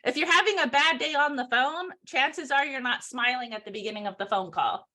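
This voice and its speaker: A woman co-hosting a sales podcast, chatting in an energetic, bubbly way with frequent giggles. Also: sits high, brisk. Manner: bubbly, energetic, giggly, with playful acted-out phone calls. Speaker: podcast co-host and sales trainer. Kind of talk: lively sales podcast chat.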